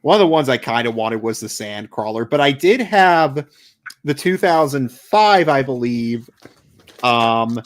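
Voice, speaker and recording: A man hosting a casual podcast chat, animated, often stammering and repeating words when excited. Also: medium pitch, unhurried. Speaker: podcast host.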